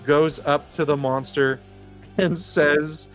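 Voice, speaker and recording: A man running a comedy tabletop game as game master, narrating with lively energy, swearing and laughing. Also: medium pitch, normal speed, faint music behind.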